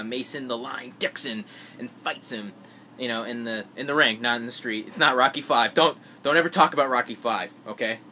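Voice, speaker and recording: A man in a casual vlog rambles about the movies on his list, acting out quotes and piling on fillers and restarts. His mid-range voice sounds pushed and bright, with slight hiss or hum.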